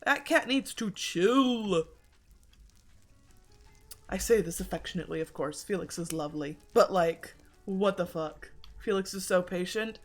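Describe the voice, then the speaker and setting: A woman's voice: lowish voice, unhurried, long pauses, soft background music. A woman streaming a video game, chatting casually and joking at her own expense, with a slightly congested throat. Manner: chatty, self-deprecating, swearing. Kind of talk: casual gaming commentary.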